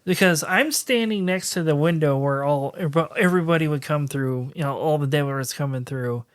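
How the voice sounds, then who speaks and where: A man's voice: on the high side, a little fast, clean tone. A man in casual podcast chat, telling a story in loose, rambling run-on sentences full of fillers.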